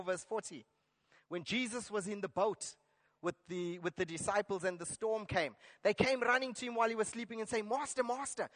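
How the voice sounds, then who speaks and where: A man's voice: sits high, fairly bright tone. A man preaching a sermon, earnest and exhorting, now and then restarting a phrase. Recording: long hall reverb.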